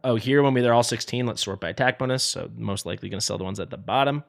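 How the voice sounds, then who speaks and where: A man's voice: medium pitch, rapid-fire, gravelly. A man streaming a mobile game live, joking and playfully dramatic as he sorts through gear. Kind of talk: live gameplay commentary.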